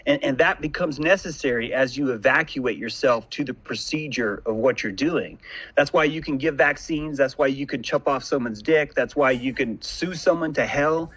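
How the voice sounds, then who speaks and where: A man's voice: mid-range voice, normal speed, a bit bright, breathy edge, dull audio. A man hosting a casual podcast conversation, talking in intense, philosophical monologues from a home room. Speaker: podcast host.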